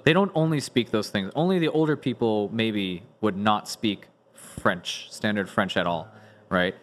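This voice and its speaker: A man's voice: fairly low pitch, measured pace, fairly bright tone. Rambling conversational man. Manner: rambling, many restarts and "like" fillers. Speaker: podcast host. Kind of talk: casual group discussion.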